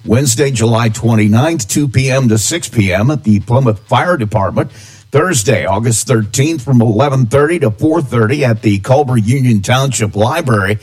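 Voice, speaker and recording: A man reading a local radio news bulletin at a steady newsreader pace. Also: medium pitch, moderate pace.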